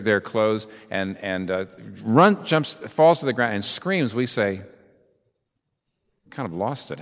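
A man preaching a sermon as pastor, swinging from soft asides to loud, emphatic peaks. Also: fairly low pitch, big-room sound.

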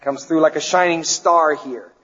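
A man with a slightly high voice preaches a sermon, pressing his points hard and then dropping to slow, hushed questions. The recording sounds dull and muffled, with a long echo from the hall. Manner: emphatic preaching, swinging between loud declarations and hushed, slow questions. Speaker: pastor.

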